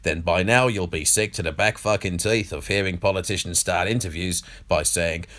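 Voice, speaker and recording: A crude elderly media baron, as a man puts him on in a put-on Australian accent, sneering and gloating through a comedy podcast monologue. His voice sits on the low side, and his manner is mocking and foul-mouthed throughout. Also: normal speed, a bit bright.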